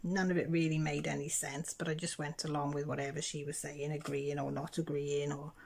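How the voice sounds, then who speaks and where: Chatty woman with a lowish voice. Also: little pitch movement, brisk, vocal fry, a little mellow, slight background noise. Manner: chatty storyteller, acts out others' voices in quotes. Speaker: craft vlogger. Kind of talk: casual chat while crafting.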